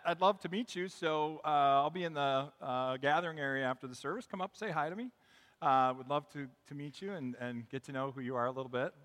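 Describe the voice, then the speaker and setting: A male pastor speaks in a bright, slightly raised voice, relaxed and conversational as he tells jokes and stories. His words hang in the long reverb of a church sanctuary. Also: fairly high pitch. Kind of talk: sermon.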